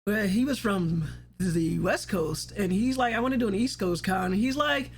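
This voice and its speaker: A woman's voice: medium pitch, normal speed, faint music behind. A woman hosting a casual livestream chat, rambling along, laughing often and swearing casually. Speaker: livestream host.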